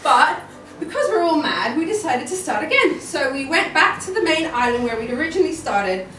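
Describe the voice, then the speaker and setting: A woman telling a personal story at a live storytelling event, animated and often laughing, repeating words for effect. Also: high-pitched, fairly quick. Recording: echoey room, distant mic, noisy.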